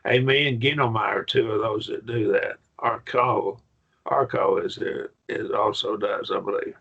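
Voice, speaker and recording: A man with a gravelly, husky voice teaches a Greek Bible class, walking the students through each point with eager enthusiasm. The recording is muffled and lo-fi. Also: on the low side, steady tone, a little slow, pushed and bright. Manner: enthusiastic, explaining step by step.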